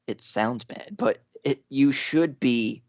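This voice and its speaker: A man's voice: medium pitch, slow, no echo. Young man, dry muffled podcast mic. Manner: opinionated, earnest, laughs between points. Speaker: podcast co-host. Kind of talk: casual chat.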